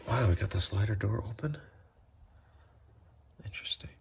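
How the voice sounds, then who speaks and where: A man's voice: lowish voice, normal speed, creaky, breathy edge. A man filming a casual vlog at home, talking to his cats in coaxing baby talk and often dropping to a whisper. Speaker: cat owner filming his pets. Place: home by a sliding door.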